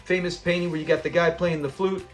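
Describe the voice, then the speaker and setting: A man hosting a casual episode review, retelling scenes in an animated way and laughing often. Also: fairly high pitch, quick pace, faint music behind. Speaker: host of a show review channel.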